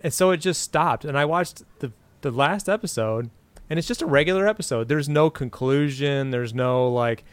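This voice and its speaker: Guy in his 40s rambling about an old show, smooth clear voice, um and uh a lot. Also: a little high, normal speed, no echo. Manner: rambling, recounts trivia with frequent fillers and restarts. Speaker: podcast co-host.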